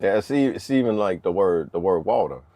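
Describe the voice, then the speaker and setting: A man with a thick Louisiana country accent speaks in a low voice, laughing often as he tells stories in easy chat. The sound is dry and close, with no room around it. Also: a little fast, no echo. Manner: laughs often, animated storytelling. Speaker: podcast co-host. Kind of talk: casual chat.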